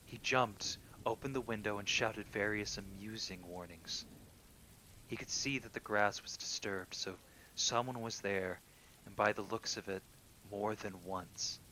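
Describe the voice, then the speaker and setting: Low, bright-edged man reading horror stories. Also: slight background noise. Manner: calm, low-key reading that drops into hushed near-whispers. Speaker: horror story reader. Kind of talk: reading listener-submitted true horror stories.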